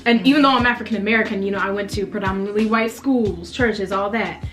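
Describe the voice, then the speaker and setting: A woman's voice: medium pitch, quick pace, fairly bright tone, faint music behind. A young woman hosting a casual interview, bubbly and playful, laughing often. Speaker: host.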